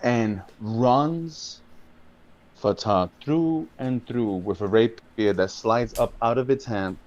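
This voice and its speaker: A man's voice: medium pitch, a little mellow, dull audio. A man narrating a tabletop game as dungeon master, drawing out his dramatic descriptions. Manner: slow, drawn-out dramatic narration with swearing.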